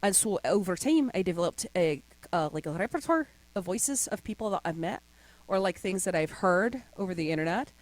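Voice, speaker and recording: Young woman guest on a podcast, pitch jumps all over, animated storyteller, dry close sound. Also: brisk, no echo. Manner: animated storyteller, slips into voices. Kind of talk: casual podcast chat.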